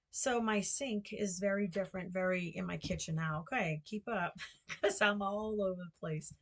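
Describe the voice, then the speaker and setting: An older American woman talks in a slow, unhurried drawl with a lowish voice. She rambles from one thing to the next at home, full of ums and self-corrections, like a casual vlog chat. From United States. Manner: chatty, meandering, self-correcting with many fillers. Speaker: vlogger and guesthouse host.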